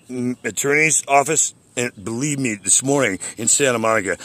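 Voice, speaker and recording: A man's voice: medium pitch, animated, fast, hardly any pauses, a bit bright, dry recording. A man in an agitated, profane, boastful rant on a call, swearing constantly and making threats.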